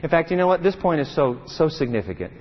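Brief: man preaching in a large church, husky tone, expressive delivery, echoing hall. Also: a little high, lo-fi sound. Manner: animated, conversational preaching with dramatic pauses. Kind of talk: sermon.

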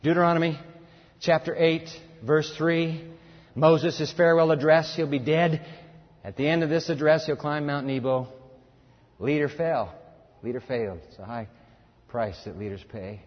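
Husky animated male preacher. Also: a little high, normal speed, pauses often. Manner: animated, acts out voices, urges the audience. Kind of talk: sermon. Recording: echoey hall, dull lo-fi sound.

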